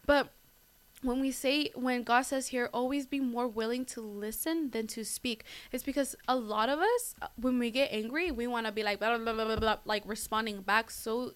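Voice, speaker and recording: A woman's voice: a little high, moderate pace. A young woman giving a casual devotional talk as host, chatty and full of fillers, often calling her listeners "guys". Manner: chatty, lots of fillers and "like", laughs at herself.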